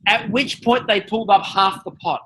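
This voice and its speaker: A woman co-hosting a casual podcast, recapping a TV episode with animated storytelling. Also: mid-range voice, moderate pace, slightly rough. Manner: animated storytelling with mimicked quotes. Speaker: podcast co-host.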